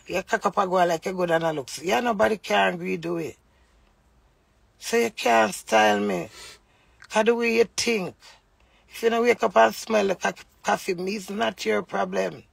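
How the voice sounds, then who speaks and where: A woman's voice: medium pitch, vocal fry, breathy edge, dry recording. A Jamaican woman on a livestream delivers a heated, scolding rant in patois.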